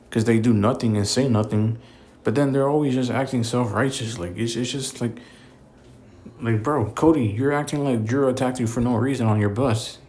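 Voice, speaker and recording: A man's voice: mid-range voice, a little mellow. A man delivering a casual, exasperated opinion rant as a commentator, full of filler words, restarts and cursing. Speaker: wrestling commentator.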